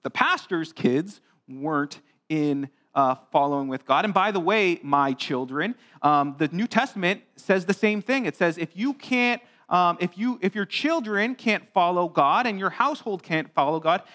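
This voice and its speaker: A man's voice: high-pitched, lively intonation, moderate pace, hardly any pauses, a bit bright. A male pastor giving a child-friendly sermon in church, chatty and asking the congregation questions. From grew up on a farm. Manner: conversational, asks the congregation questions.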